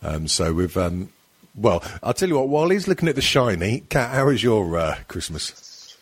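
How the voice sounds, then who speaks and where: A man's voice: fairly low pitch, very animated, moderate pace, breathy edge. A man in his thirties hosting a casual comedy podcast, rambling and crude with frequent laughs. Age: 30s. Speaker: podcast host.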